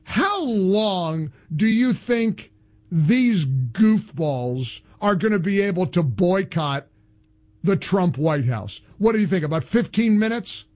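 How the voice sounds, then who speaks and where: Sarcastic, animated talk radio host, a man. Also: high-pitched, slow. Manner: sarcastic, mocking; animated, exclamatory. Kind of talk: opinionated talk radio monologue.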